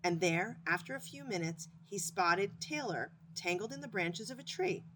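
Expressive woman reading a storybook. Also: medium pitch, normal speed, slight background noise. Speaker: paraprofessional reading to students. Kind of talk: storybook read-aloud.

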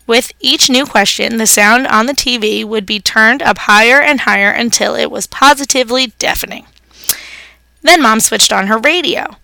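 Woman reading a kids book aloud, bright voice, dry close sound. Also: fairly high pitch, vocal fry, no echo. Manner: expressive read-aloud narration in the voice of a pet hamster. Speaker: storyteller. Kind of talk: reading a children's story aloud.

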